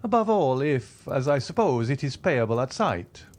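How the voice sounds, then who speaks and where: A man's voice: mid-range voice, sing-song, moderate pace, a little mellow, pitched above the performer's own voice, lightly acted. A man voicing the Count of Monte Cristo, suave and mocking. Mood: ironic. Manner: smooth, mocking courtesy. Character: wealthy, suave, coolly ironic male nobleman. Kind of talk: audiobook character reading.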